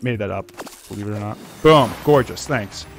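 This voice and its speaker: A man's voice: lowish voice, normal speed, soft background music. A man giving casual gameplay commentary, chatting to game characters and calling them buddy. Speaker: let's play host.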